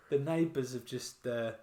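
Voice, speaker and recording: A man's voice: mid-range voice, unhurried, dark tone, reverberant, slight background noise. A man from the UK co-hosting a podcast, talking casually about a film, rambling and restarting his sentences. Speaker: podcast co-host. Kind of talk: casual chat, film review.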